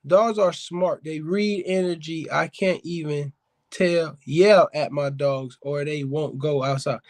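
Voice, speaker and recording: A man with a high-pitched voice gives casual advice straight to his viewers. He is blunt and emphatic, repeating points for stress and calling his audience fam and y'all. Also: slow pace. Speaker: dog breeder and podcast host.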